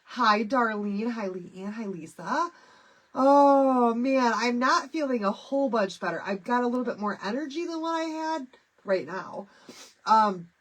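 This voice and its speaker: Nasal stuffy-nosed woman, middle-aged, fairly high voice, chatty craft livestream host greeting viewers. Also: expressive, measured pace. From Michigan. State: stuffy nose from a head cold. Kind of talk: casual live craft stream chat.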